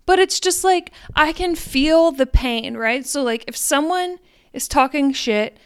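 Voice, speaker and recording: A woman's voice: sits high, measured pace, no echo, clean studio sound. A woman hosting a spiritual podcast, talking frankly and profanely in a rambling, self-questioning monologue. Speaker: podcast host.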